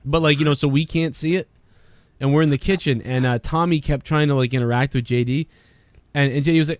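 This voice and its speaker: A man's voice: a little high, fairly even intonation, fast talker, no echo. A man telling a rambling, crude story in casual chat, often mimicking others.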